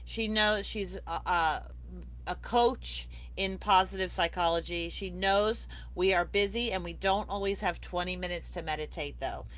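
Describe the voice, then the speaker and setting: A woman's voice: on the low side, measured pace, fairly bright tone. A woman hosting a live online awards broadcast, chatty and enthusiastic, laughing often as she talks over a video call. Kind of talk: casual live-stream hosting.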